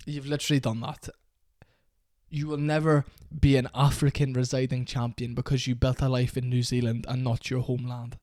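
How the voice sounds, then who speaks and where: Guy ranting angry and sweary, flat monotone delivery, dry close sound. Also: medium pitch, moderate pace, no echo. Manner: heated, profane, repetitive. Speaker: MMA commentator. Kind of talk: angry rant to camera.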